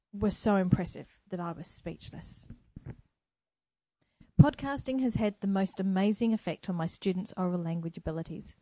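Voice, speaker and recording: A woman teacher from New Zealand hosts her own solo educational podcast from home, sitting by a window, and speaks earnestly and enthusiastically. Her voice is medium-pitched and mellow. The microphone recording is low in quality but has no room sound.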